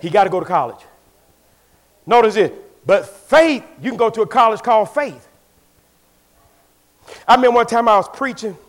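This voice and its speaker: A man pastor preaching a sermon in a church, moving from quiet storytelling to shouted call-and-response. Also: sits high, animated, normal speed, long pauses.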